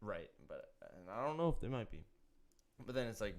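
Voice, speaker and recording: A man's voice: fairly low pitch, fairly quick. A man hosting a sports betting show, chatting casually and jokingly, often reading quotes aloud. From Irish descent. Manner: jokey, animated, reads quotes aloud. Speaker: sports podcast host.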